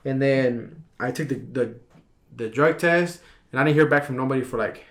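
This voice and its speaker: A young man in his twenties chats easily on a podcast, his voice at an ordinary middle pitch. He tells his story in a loose, slangy way, with plenty of fillers along the way. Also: moderate pace, fairly bright tone. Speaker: podcast guest. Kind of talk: casual chat.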